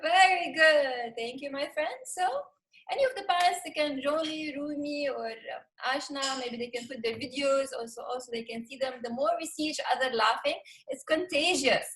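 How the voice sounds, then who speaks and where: A woman's voice: sits high, moderate pace, fairly bright tone, low-quality recording. A woman leading a laughter yoga session over a video call, cheerful, laughing often and calling out "yay". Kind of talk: live webinar instruction.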